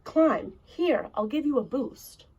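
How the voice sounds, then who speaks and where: A woman voicing a mysterious old male stranger who speaks in a hushed, coaxing way in a storybook reading. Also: high voice, animated, slow pace, dull audio, pitched above the performer's own voice.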